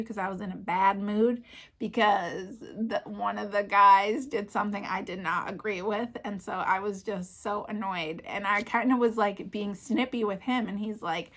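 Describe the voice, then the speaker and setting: Woman, 30s, vlogger, casual chatty gusher, medium pitch. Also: steady tone, normal speed, fairly bright tone. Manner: chatty and gushing, lots of fillers. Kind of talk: casual book chat.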